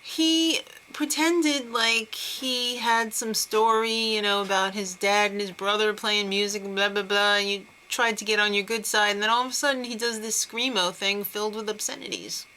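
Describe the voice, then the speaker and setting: A woman's voice: mid-range voice, fairly even intonation, moderate pace, few pauses, pushed and bright, slight background noise, low-quality recording. A young woman recapping a TV talent show in a casual, chatty and sarcastic way. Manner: chatty, sarcastic, giggly asides.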